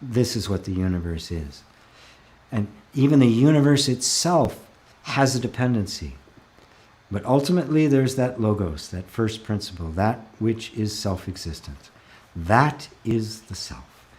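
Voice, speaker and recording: Male spiritual teacher, deeper voice, calm live Q&A host reading comments, gentle laughs. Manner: calm, reflective, often slows to stress a word.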